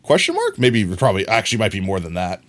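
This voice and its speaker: Male streamer, lively pitch swings, jokey casual chat with viewers. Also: fast. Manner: playful, joking, chuckles often. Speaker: live streamer.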